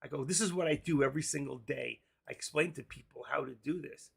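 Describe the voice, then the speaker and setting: A man's voice: fairly high pitch, fast, gravelly, husky. A man hosting a live stream, chatting casually in a rambling, jokey and brash way.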